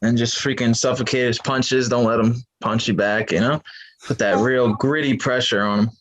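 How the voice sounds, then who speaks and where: A man's voice: mid-range voice, fairly even intonation, normal speed, a bit bright, low-quality recording. A man who is a guest boxer, speaking in a casual, laid-back way. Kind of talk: casual chat.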